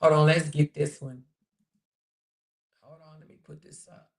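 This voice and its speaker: A woman hosting a casual commentary channel, chatting sassily to her viewers and often pausing to find clips. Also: low voice, flat delivery.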